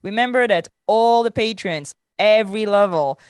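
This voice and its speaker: A woman's voice: mid-range voice, normal speed, darkish tone, smooth, no echo, clean studio sound. A woman with a French accent co-hosting a podcast, chatting in a loose, laughing way with many fillers; she sounds tired. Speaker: podcast co-host. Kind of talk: casual podcast chat.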